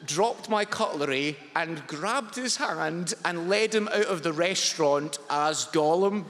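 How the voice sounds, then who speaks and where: A man's voice: high voice, big-room sound, heavy background noise. A man doing stand-up comedy, telling self-mocking stories on a large theatre stage. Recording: live theatre with loud audience.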